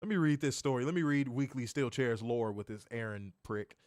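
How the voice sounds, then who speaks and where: A man co-hosting a casual livestream, loud and joking. He swears freely, laughs often and swings from shouts down to mutters. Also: mid-range voice, a little fast, dry recording, studio quality. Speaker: livestream co-host.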